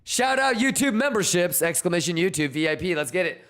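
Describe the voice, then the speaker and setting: A man hosting a casual crypto trading livestream, reading out chat names with loose, slangy, hyped shout-outs. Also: high-pitched, animated, fairly quick.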